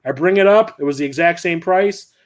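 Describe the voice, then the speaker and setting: A man's voice: on the high side, brisk. A middle-aged man hosting a livestream, telling stories in a loose, rambling, conversational way. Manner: rambling, conversational storytelling with frequent restarts. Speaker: host. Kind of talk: casual livestream chat.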